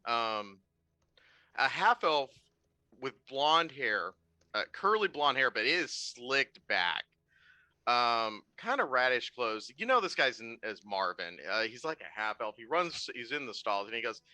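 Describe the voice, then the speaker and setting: Male game master, bright voice, animated pitch, rambling narration, dry mic. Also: measured pace, no room sound. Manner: rambling, with many fillers and restarts.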